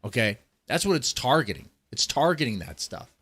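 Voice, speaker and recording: A man streaming heated political commentary, his voice swinging widely from low grumbles to sharp angry jumps. He swears constantly and breaks off to read articles aloud. His voice sits at an ordinary middle pitch. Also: very animated, normal speed, husky, no echo. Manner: profane, heated, swearing often; reads articles aloud between outbursts. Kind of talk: ranting commentary.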